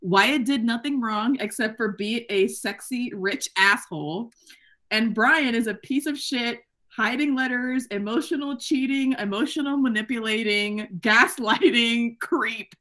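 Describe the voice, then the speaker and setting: A woman co-hosting a book club podcast in casual chat, animated and profane, acting out quotes and laughing often. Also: on the high side, a little slow. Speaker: podcast co-host.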